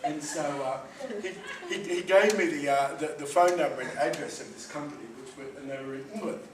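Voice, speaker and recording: A man's voice: fairly high pitch, fairly quick. A man, giving a live inspirational talk with humorous, self-deprecating stories. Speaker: motivational speaker. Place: event room with live audience. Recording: echoey room, distant mic, noisy.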